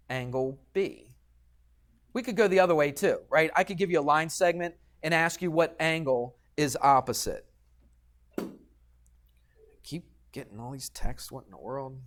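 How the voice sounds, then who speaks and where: A male math teacher talking through a geometry lesson in a classroom. His voice sits a little high for a man, and he is patient and talkative, tagging "okay?" onto his points as he checks in with the class. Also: a bit bright.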